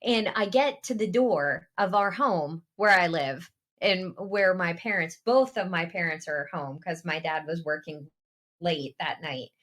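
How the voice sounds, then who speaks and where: A woman co-hosting a podcast, telling a family anecdote in a casual, animated way and laughing along the way. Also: on the low side, a little slow. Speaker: podcast co-host. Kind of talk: casual storytelling chat.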